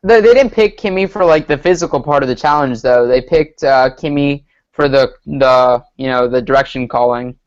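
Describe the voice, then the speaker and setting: A man's voice: medium pitch, moderate pace, few pauses, dull audio. A man co-hosting a casual TV recap chat, earnest and a bit hesitant as he explains. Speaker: podcast co-host.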